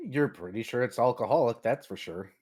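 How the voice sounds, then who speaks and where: A man narrating as game master of a tabletop game in a relaxed manner, laughing often. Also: medium pitch, brisk.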